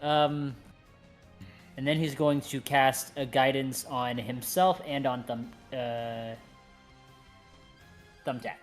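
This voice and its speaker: A player in a tabletop game who talks slowly and hesitantly, pausing on fillers while deciding each move. The voice sits in a middle range. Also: mid-range voice, fairly even intonation, faint music behind. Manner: slow, hesitant, many fillers.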